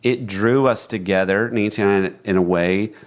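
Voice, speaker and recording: Guy with a lowish voice on a podcast, reflective, tells stories and acts out the quotes. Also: moderate pace. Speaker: podcast co-host. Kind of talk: casual podcast conversation.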